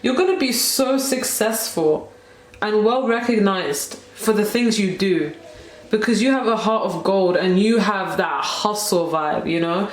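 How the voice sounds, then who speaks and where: A woman's voice: mid-range voice, a little slow. Emotional young woman in a roomy echo. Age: 20s. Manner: emotional, rambling, heavy use of "like". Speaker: tarot reader. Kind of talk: tarot card reading.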